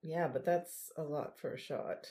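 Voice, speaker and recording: A woman's voice: low-pitched, measured pace, mellow. A woman co-hosting a casual podcast with her daughter, wry and laughing often. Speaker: podcast co-host, mother. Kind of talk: casual chat.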